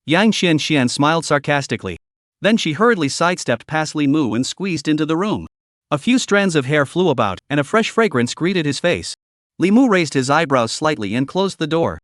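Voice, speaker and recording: A man reads a fantasy comic recap as scripted narration, his voice sitting a little high and moving animatedly up and down. The recording is dry and close, with no room echo. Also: sing-song, normal speed.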